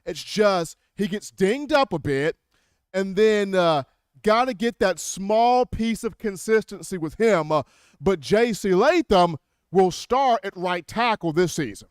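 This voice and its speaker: A man hosting a sports call-in show, energetic and quick, taking callers with repeated catchphrases. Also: high-pitched, smooth, dry recording, studio quality.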